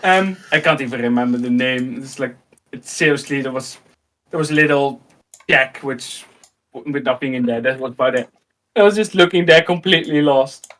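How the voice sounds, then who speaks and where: A man in his thirties with a Dutch accent, telling an animated personal story in casual chat and acting out the dialogue. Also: mid-range voice, normal speed. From Netherlands. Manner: animated, acts out dialogue, laughs often. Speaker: host.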